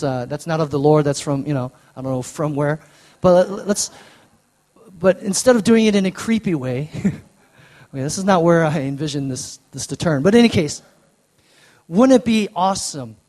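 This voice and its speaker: Earnest higher-voiced male preacher. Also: a little mellow. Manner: earnest, slows down to stress key words. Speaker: pastor. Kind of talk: sermon. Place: church sanctuary.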